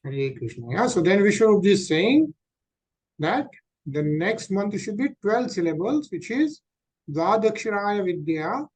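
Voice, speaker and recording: A man leads a scripture study over an online call, reading verses and then explaining them. His voice sits a bit high for a man, and he keeps asking the group questions and filling gaps with "uh". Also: big pitch swings, measured pace, breathy edge. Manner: explanatory, asks the group questions, many fillers.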